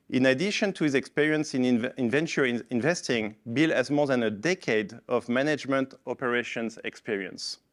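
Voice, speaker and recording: A man with a French accent reading a speaker's bio as a conference moderator, stumbling a few times. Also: medium pitch. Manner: reads a bio, stumbling over words. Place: conference stage.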